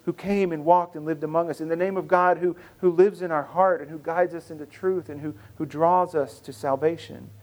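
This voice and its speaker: Earnest higher-voiced male preacher. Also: darkish tone. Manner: earnest, conversational preaching with repeated phrases and restarts. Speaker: pastor. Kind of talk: sermon.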